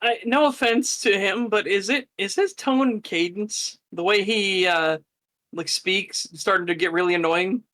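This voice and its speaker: A man's voice: high voice, measured pace, fairly bright tone. A man co-hosting a stream, chatting casually and animatedly while reacting to a video, often laughing and mimicking voices. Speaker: streamer co-host.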